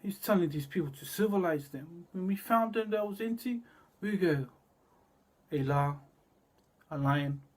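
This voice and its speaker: A man delivering a rambling, cryptic monologue, repeating words and drifting between low murmurs and loud bursts. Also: normal speed.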